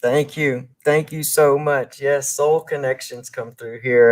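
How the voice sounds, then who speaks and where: An effusive, encouraging podcast host wraps up a live show, speaking straight to the audience. The voice sits at a middling pitch. It comes over a video call. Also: slow pace, hardly any pauses.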